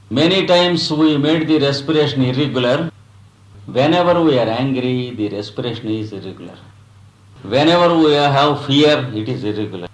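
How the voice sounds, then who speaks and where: A man leads a guided breathing practice at a very unhurried pace, leaving long pauses between short phrases. His voice sits at an ordinary middle pitch. The sound carries a clear echo from the room around him. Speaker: yoga teacher.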